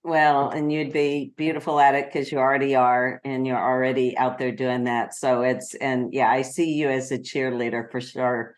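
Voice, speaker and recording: A woman's voice: very deep voice, level tone, normal speed, few pauses. A woman hosting a podcast, encouraging and affirming her guest in casual conversation. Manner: encouraging, affirming, frequent yeahs. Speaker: podcast host.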